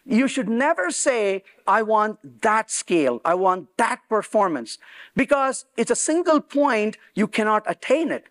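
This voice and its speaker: A man's voice: high-pitched, big pitch swings, measured pace, fairly bright tone. A man giving a technical conference talk in an emphatic way, acting out quoted dialogue. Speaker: conference speaker. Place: conference venue.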